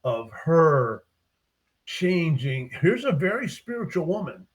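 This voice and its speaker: A man, a book author in a casual interview, retelling his short stories with lively acted-out character lines. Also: a little high, slow. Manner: animated storyteller, acts out characters' lines.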